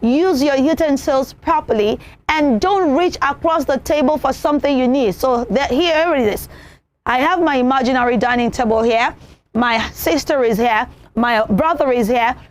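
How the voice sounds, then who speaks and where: A woman presenting a children's television show, teaching manners in an animated way and acting out examples. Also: high voice, moderate pace. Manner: animated, repeats points, acts out examples.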